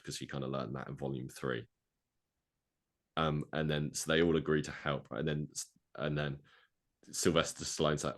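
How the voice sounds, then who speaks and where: A man co-hosting a podcast, rambling through a movie plot pitch with lots of fillers and acted-out quotes. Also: flat delivery, moderate pace. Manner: rambling, filler-heavy, acts out quoted lines. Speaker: podcast co-host.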